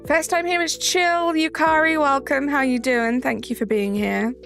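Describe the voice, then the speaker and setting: A woman's voice: high-pitched, steady tone, normal speed, gravelly, fairly bright tone, faint music behind. A woman with a Southern English accent, hosting a live stream in casual chat, greeting viewers by name and reading the chat aloud. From south of England.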